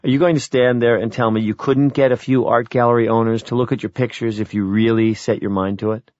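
A man's voice: mid-range voice, fairly even intonation, brisk, darkish tone, no room sound, close to an everyday voice. Brief: male reader doing an insistent grown daughter, audiobook, dull dry sound. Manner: coaxing, persistent. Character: young adult daughter, earnest and insistent.

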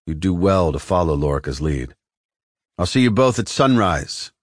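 A man's voice: sits low, very animated, normal speed, dry recording, clean studio sound. A man voicing a stern male resistance officer who speaks in clipped orders, in an audiobook.

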